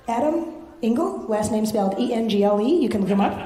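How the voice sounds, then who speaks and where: A young woman doing a brash, profane stand-up set with loud exasperated outbursts. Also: fairly high pitch, lively intonation, brisk. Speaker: stand-up comedian. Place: comedy club stage. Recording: echoey club stage.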